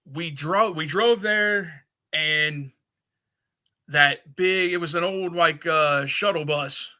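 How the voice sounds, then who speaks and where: Male podcast guest, bright and sharp tone, a bit high, easygoing rambler. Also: slow. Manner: laid-back, short agreements, rambling recollections. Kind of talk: casual chat, reminiscing.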